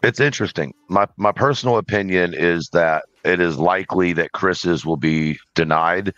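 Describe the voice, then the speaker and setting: A man speaking as a panel guest on a livestream, in a measured, cautious way with frequent ums. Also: deep voice, a bit bright, dry recording. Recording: dull lo-fi dry call audio.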